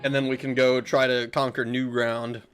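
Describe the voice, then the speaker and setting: A man gives loose, casual commentary while playing a video game, cracking jokes and laughing along with his chat. His voice sits at a middle pitch, and the game's music runs clearly underneath. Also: little pitch movement, normal speed. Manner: joking, chatty, laughs often. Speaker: streamer.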